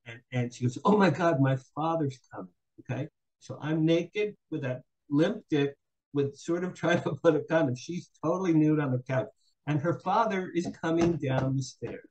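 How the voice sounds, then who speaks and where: A man's voice: on the high side, moderate pace, low-quality recording. An older man from New Jersey, a guest author telling a comic personal story and acting out other people's lines. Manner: animated, acts out other people's quotes.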